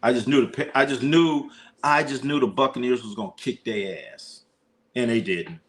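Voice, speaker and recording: A man hosting a casual sports livestream, talking in an animated, profane way and sometimes mimicking whiny crying voices. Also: medium pitch, normal speed.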